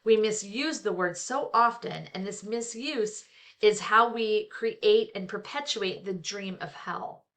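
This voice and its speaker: A woman's voice: mid-range voice, slow pace, a bit bright. A middle-aged woman, a therapist, reading a book aloud and stopping often for frank, chatty personal asides. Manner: reads aloud then breaks off into frank, chatty asides with fillers. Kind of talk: casual book reading with commentary.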